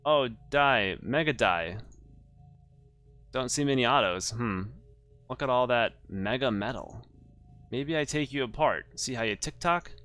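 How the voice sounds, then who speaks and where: A man's voice: mid-range voice, lively intonation, measured pace, pauses often, sharp tone. A man voicing a quirky, scrap-hungry flight captain in a sci-fi game, speaking in clipped, playful slang.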